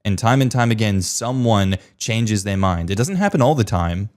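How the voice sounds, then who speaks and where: A man's voice: on the low side, animated, normal speed, darkish tone. A man reading online posts aloud and reacting to them with blunt, sarcastic commentary.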